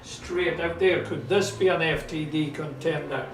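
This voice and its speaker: A man with a Scottish accent giving chatty, excitable live commentary on a motorsport sprint event. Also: a little high, a little slow. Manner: chatty, excitable, talks to a companion. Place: at a sprint track. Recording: roomy, distant mic with loud car noise. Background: car engines and outdoor ambience.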